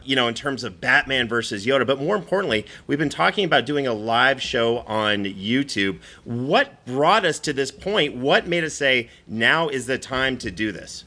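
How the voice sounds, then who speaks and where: Man, comedy show host, flustered, rambling, bright tone. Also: mid-range voice, expressive, normal speed, few pauses. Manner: flustered, rambling, many fillers.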